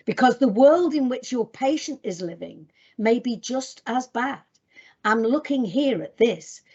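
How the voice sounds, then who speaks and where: A woman's voice: mid-range voice, a little mellow, breathy edge, dull audio. A woman presenting to clinicians in a webinar, talking directly and emphatically as she moves through her slides. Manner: direct, emphatic, addresses audience as guys.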